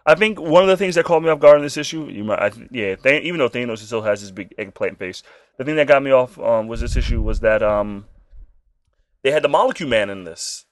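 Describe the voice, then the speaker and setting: A man riffing on a comic book podcast in an easy, mid-pitched voice. He jokes constantly and drops into silly character voices. The sound is dry and close, with no room around it. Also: lively intonation, fast, dry recording. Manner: jokey, slips into goofy voices for characters. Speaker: podcast co-host.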